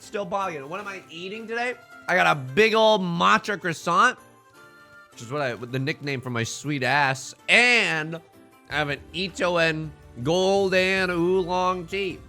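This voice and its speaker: A man's voice: a little high, lively intonation, a little slow, pushed and bright, faint music behind. A man chatting casually on a live stream, greeting viewers and talking while he eats. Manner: upbeat, greets chatters, talks while eating.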